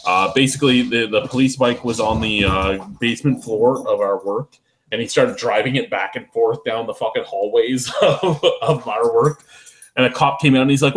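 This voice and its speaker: A man's voice: medium pitch, moderate pace, low-quality recording. A man hosting a beer review show, telling rambling, profane stories in casual chat while a little tipsy.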